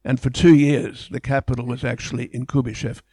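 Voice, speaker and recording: A man delivers an illustrated public lecture with warm enthusiasm and a conversational flow, often restarting his phrases. His voice sits at an ordinary middle pitch, and the recording is dry and close, with no room sound. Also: little pitch movement, brisk, husky, dry recording.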